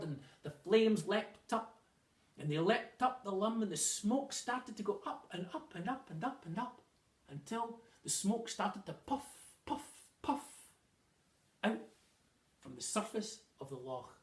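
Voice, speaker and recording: A man telling a children's story in a lively way, with dramatic pauses and repeated words, recorded in a roomy space from a distance. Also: sits high.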